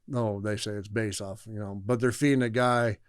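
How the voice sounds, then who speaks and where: A man speaking in a blunt, matter-of-fact way, with plenty of swearing. His voice sits at an ordinary pitch and is recorded dry and close. He talks in a relaxed, conversational manner as a podcast guest. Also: moderate pace, smooth, dry recording. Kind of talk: casual chat.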